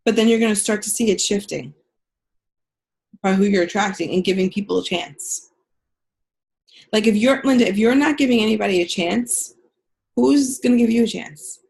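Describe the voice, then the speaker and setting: A woman's voice: medium pitch, vocal fry, a little mellow. A woman coaching a caller on a video call, talking in a direct, frank way and swearing casually. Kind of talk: coaching session on a group call.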